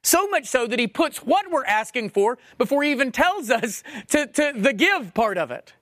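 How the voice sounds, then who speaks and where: A man's voice: very high voice, sing-song, normal speed, fairly bright tone, dry recording, studio quality. A man preaching a sermon, emphatic and questioning, repeating phrases for stress. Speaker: pastor.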